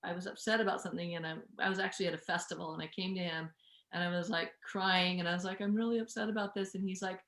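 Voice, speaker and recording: A woman hosts a relaxed conversation, eagerly affirming what she hears. Her voice sits a little low, and the sound carries a noticeable room echo. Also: fast talker. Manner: warm, affirming, enthusiastic. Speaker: podcast host. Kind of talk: casual conversation.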